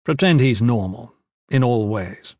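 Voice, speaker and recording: A man's voice: medium pitch, animated, unhurried, a little mellow, dry recording, clean studio sound, natural voice. A man reading as a commanding, earnest lord.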